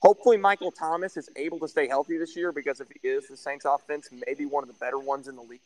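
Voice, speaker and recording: A man's voice: on the high side, fairly even intonation, rapid-fire, no room sound, rough recording. A man co-hosting a casual sports podcast from a backyard, bluntly breaking down team records and stats. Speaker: podcast co-host. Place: backyard, outdoors.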